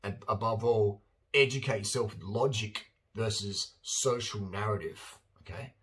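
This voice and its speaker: A man's voice: fairly low pitch, measured pace. A man, talking in a casual, blunt monologue and acting out silly voices with bursts of laughter. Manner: animated, acts out silly voices and laughs often; blunt and opinionated. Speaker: vlogger.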